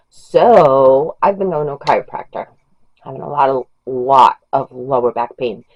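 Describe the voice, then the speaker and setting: A woman's voice: very deep voice, slow pace, long pauses. A woman vlogger chatting about books in a rambling, gushing way. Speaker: book vlogger. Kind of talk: casual chat about books. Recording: dull lo-fi home recording.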